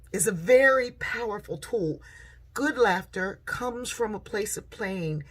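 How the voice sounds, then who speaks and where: Husky middle-aged woman telling family stories. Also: medium pitch. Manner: warm humorous storyteller. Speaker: speaker and author. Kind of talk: personal storytelling monologue.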